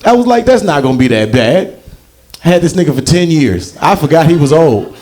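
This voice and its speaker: A man's voice: big pitch swings, normal speed, a little mellow. A young man performing a stand-up comedy set on stage, telling a profane story and acting out the voices in it. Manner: profane, storytelling, acts out quotes with big pitch jumps. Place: comedy show in a library.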